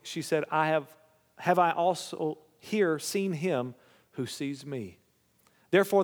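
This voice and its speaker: A male pastor preaching a sermon, reading scripture aloud and then commenting, often checking in with the congregation. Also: a little high. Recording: long hall reverb.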